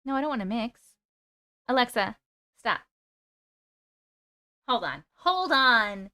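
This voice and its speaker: Bright, crisp-voiced woman chatting on a live stream. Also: on the high side, lively intonation, slow pace, dry recording. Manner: chatty, laughs often, reacts to viewer comments. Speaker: YouTube live host. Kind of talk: casual live-stream chat reading comments.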